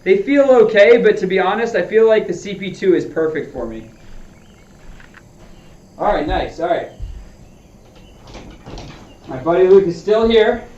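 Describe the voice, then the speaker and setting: A man's voice: high-pitched, lively intonation, a little slow, pauses often, a little mellow. Chatty man vlogging golf practice, roomy and distant. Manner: chatty, loose, talks through his swings. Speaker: golfer streaming a practice session. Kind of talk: casual chat to viewers while practicing. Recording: roomy, distant, dull lo-fi sound.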